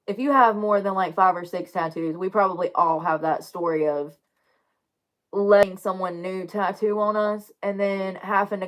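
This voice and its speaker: A young woman vlogging to camera in casual chat, chatty and joking, swearing freely. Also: mid-range voice.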